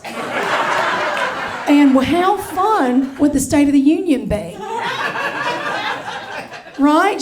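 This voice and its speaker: Heavy background noise surrounds a high-pitched woman's voice in this live stand-up recording with crowd laughter. She's in her forties, brassy and chatty, and calls the audience honey and y'all from the comedy stage.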